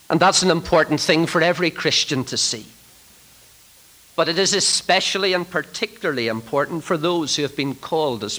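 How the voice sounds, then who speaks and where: Forceful preacher man, dramatic hushes. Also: fairly high pitch, poor audio. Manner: dramatic, swings from loud emphasis to hushed whispers. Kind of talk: sermon to ministers.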